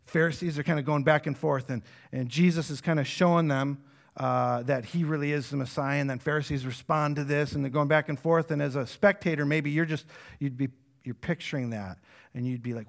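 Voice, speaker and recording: A man's voice: fairly high pitch, creaky. A man in his thirties, a pastor preaching a sermon in a conversational way, with frequent fillers and restarts.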